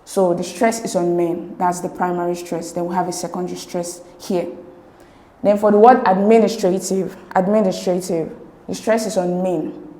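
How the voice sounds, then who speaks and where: Lady tutor going thru exam answers, low mellow voice, echoey room. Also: little pitch movement, moderate pace. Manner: methodical, repeats key words, occasional "um". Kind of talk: recorded lesson explaining exam answers.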